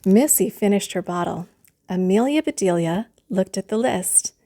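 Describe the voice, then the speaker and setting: Woman gently reading a bedtime story. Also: mid-range voice, lively intonation, moderate pace.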